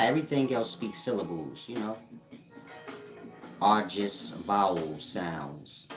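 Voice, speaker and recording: A man giving a casual spiritual teaching monologue, drawling slowly and using street slang. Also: sits low, faint music behind. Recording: roomy echo.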